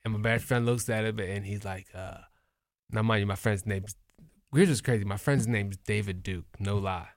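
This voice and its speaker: A young man chatting casually on a podcast, telling stories in an animated way, swearing and acting out other people's voices. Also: fairly low pitch, normal speed. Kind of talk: casual storytelling chat.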